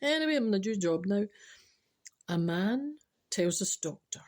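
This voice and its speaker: An older Scottish woman hosts an unscripted joke-telling podcast, rambling chattily and laughing at her own punchlines. Her mid-range voice is expressive and darkish in tone, at a normal speed.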